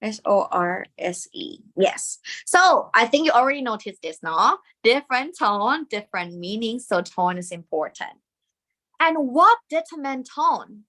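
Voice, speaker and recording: A woman's voice: fairly high pitch, sing-song, a little slow, bright, forceful tone. A woman with a Thai accent teaching a language lesson, patiently repeating sounds for learners to copy.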